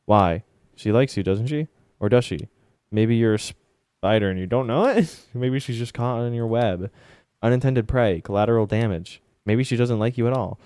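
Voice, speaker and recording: A man's voice: medium pitch, moderate pace, darkish tone, clear, resonant tone, dry recording. A man playing a video game on stream, reading its narration aloud and tossing in casual, sometimes profane reactions. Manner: swears casually, mutters reactions between read-aloud narration. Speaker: gaming streamer. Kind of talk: casual let's-play commentary and reading game text aloud.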